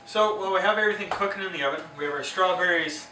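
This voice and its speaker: A man's voice: high voice, very fast, very noisy. A man co-hosting a casual comedic cooking show, teasing and playful as he walks through the steps. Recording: echoey kitchen, distant mic, music.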